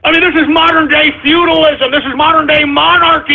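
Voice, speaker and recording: This angry call-in host has a very high, gravelly voice that stays level and brisk as he curses, sighs, and restarts his sentences. Everything sounds tinny and lo-fi, as if over a phone.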